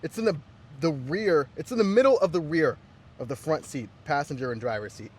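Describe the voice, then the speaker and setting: A man's voice: fairly high pitch, animated, brisk, a little mellow, husky. A man giving a casual, rambling car review vlog from inside a car, with lots of fillers and restarts. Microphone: camera mounted in the car.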